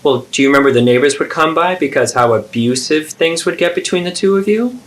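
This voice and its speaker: A man's voice: a little high, lively intonation, a little fast. A man, therapist and host, acting out an adult child confronting a parent in a role-play, earnest and pleading.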